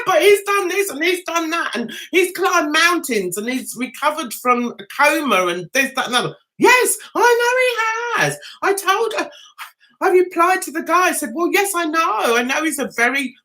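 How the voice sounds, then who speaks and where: A woman's voice: a little high, bright, forceful tone. A woman hosting a casual livestream chat, getting over a throat cold, chatty and self-mocking as she greets viewers by name. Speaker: livestream host.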